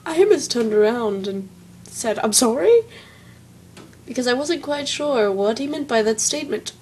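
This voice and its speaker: Young southern woman vlogger, higher voice, dry self-mocking asides, faint room hum. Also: moderate pace, a little mellow, low-quality recording. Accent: Southern American. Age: young adult. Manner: chatty, wry and self-mocking. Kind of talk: casual vlog storytelling.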